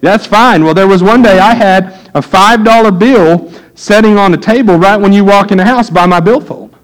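A middle-aged man preaching a sermon, telling folksy stories and getting animated when he quotes people. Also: sits high, normal speed, rough recording. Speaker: pastor. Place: church.

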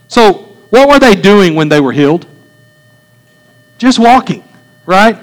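A man's voice: high-pitched, very animated, slow pace, poor audio. A man preaching as a pastor, full of rhetorical questions and asides to the congregation. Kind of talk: sermon.

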